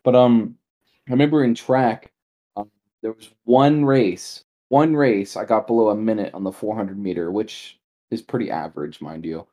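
A man's voice: fairly low pitch, normal speed, mellow. A young man co-hosting a podcast, teasing and rambling in casual chat. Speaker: podcast co-host.

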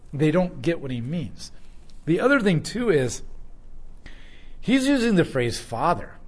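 Animated man teaching a Bible passage. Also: on the high side, breathy edge. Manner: conversational, acts out dialogue with filler "like".

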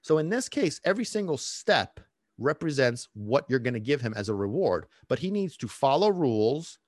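Blunt, animated man with a dry sound. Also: medium pitch, normal speed, no room sound. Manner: blunt, swearing, mock-quiz teasing; lively, jumps between loud and hushed. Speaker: dog trainer podcast host. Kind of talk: solo podcast talk.

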